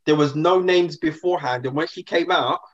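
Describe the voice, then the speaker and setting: A man's voice: a little high, fairly quick, dull audio. A man, chatting in a laid-back, slangy way as a podcast co-host. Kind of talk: casual chat.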